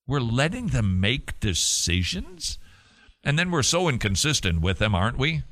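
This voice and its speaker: A man hosting a talk radio show, animated and opinionated, shifting between mockery and heated emphasis. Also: mid-range voice, moderate pace, dry recording.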